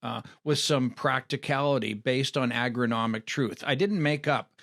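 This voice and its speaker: A man's voice: mid-range voice, normal speed, gravelly, a bit bright. A man speaking as an agronomist guest, arguing earnestly and restarting his sentences. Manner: earnest, argumentative, repeats words when starting. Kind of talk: casual interview chat.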